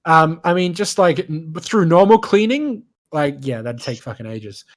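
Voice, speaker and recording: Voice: medium pitch, lively intonation, normal speed. A game master running a tabletop game, casual and laughing, swearing now and then.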